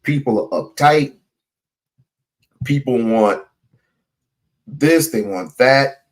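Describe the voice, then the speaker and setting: A man's voice: mid-range voice, slow pace. A man hosting a livestream, talking loosely and bluntly, swearing and repeating his points. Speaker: livestream host. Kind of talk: casual livestream talk.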